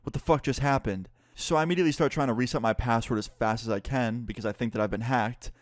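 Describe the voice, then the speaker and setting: Speaking at a medium pitch, this young man shares a personal story on his YouTube channel in a candid, casual way, swearing without holding back. The studio-quality audio has no room sound.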